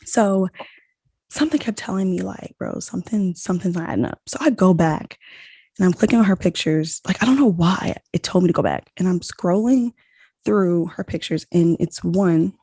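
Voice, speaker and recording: A young woman hosting a podcast, telling a story in a casual, animated way and saying "like" a lot. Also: fairly low pitch, normal speed, slightly rough, dry recording. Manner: animated, heavy use of "like", acts out quoted dialogue. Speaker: podcast host.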